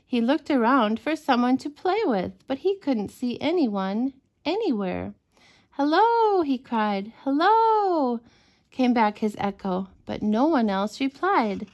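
A woman reading a bedtime story aloud to children, gentle and expressive. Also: fairly high pitch, measured pace, dull audio.

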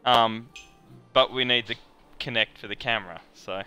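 An excitable man streams a video game from home, talking into a headset with a bright, forward voice. He jokes and pokes fun at himself as he plays. Faint music sits behind him. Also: mid-range voice, normal speed, smooth. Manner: excitable, joking, self-deprecating. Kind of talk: casual live-stream chat.

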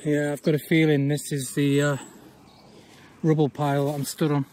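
A man, chatting casually as he walks an overgrown old railway path outdoors, often pausing on "uh". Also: fairly high pitch, completely flat delivery, darkish tone. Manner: chatty, with frequent "uh" pauses. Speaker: urban exploring vlogger. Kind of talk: casual walk-and-talk commentary.

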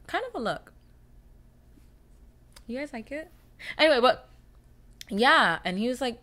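A woman's voice: fairly high pitch, big pitch swings, measured pace, long pauses, pushed and bright. A young woman hosting her own podcast, talking candidly and casually to her listeners with heavy cursing. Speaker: podcast host. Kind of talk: casual solo monologue.

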